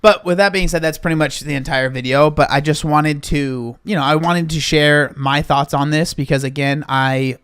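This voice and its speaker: A man's voice: a little high, fairly even intonation, normal speed, hardly any pauses, a bit bright, clean tone, no echo. Earnest man speaking dry and close. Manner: earnest, reflective, repeats himself. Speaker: YouTuber. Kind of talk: casual commentary to camera.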